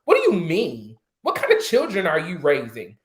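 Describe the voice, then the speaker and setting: A man's voice: fairly high pitch, huge pitch swings, normal speed. A man on an online panel, ranting in heated indignation and firing off rhetorical questions. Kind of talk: impassioned online panel talk. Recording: roomy echo.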